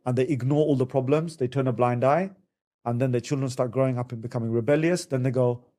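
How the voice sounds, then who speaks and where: A man talking on a podcast as a family counsellor, animatedly acting out quotes in higher voices. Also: steady tone, fast, warm tone. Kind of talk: podcast conversation.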